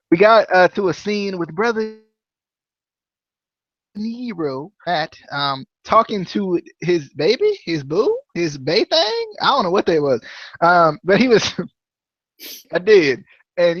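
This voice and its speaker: A man's voice: high voice, no room sound, muffled recording. A man hosting a casual wrestling review podcast, rambling with lots of fillers, restarts and laughter. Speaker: podcast host.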